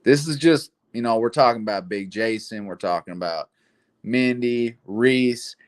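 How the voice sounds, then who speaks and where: A man's voice: medium pitch, unhurried. A man giving casual, profane livestream commentary, peppering his talk with "man". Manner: casual, slangy, profane, says "man" often. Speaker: YouTube livestreamer.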